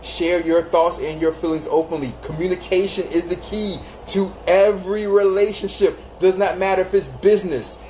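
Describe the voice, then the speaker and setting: A man's voice: sits high, steady tone, moderate pace, few pauses, darkish tone, a little hiss or hum. Chatty man hosting a live stream. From Florida, United States. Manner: chatty, greets viewers by name, acts out quoted voices. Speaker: live stream host giving relationship advice. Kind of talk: casual live-stream talk.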